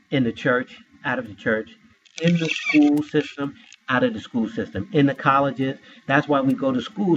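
A man's voice: medium pitch, dull audio, slight background noise. A man teaching from scripture who poses rhetorical questions to his listeners and spells words out letter by letter. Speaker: Bible teacher.

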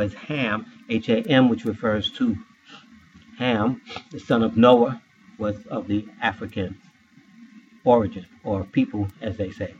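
Man, scripture teacher, spells words out, asks questions; muffled, slightly noisy recording. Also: medium pitch. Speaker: Bible teacher.

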